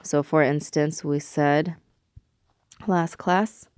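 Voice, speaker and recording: A woman teaching a recorded language lesson, patiently explaining step by step and repeating example words slowly. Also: low voice, steady tone, a little mellow, no room sound.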